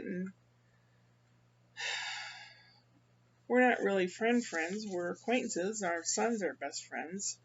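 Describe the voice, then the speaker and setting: An older woman from the American Midwest, rambling through a casual personal monologue with halting restarts. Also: mid-range voice, creaky, slightly rough, muffled recording. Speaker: vlogger.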